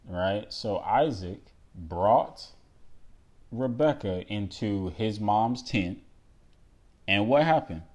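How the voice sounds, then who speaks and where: A man hosting a podcast alone, talking casually and emphatically about scripture, reading verses slowly aloud and asking listeners rhetorical questions. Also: lowish voice, animated, darkish tone. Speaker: podcast host.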